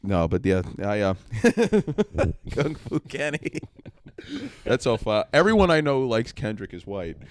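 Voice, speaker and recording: A man's voice: medium pitch, unhurried, slight background noise. A man co-hosting a comedy podcast, chatting casually, joking and laughing often. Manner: animated, laughs often, jokey asides. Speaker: podcast co-host.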